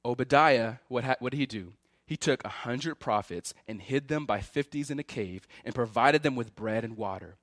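This pastor speaks at a moderate pace in a mid-range voice, bringing emotion to the lines of Elijah and God during a lively sermon. There's no echo, and the sound is clean studio quality.

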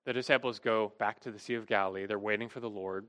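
A man's voice: on the low side, steady tone, quick pace, a bit bright, smooth. A middle-aged man preaching an expository sermon, earnest and emphatic, often restarting his phrases.

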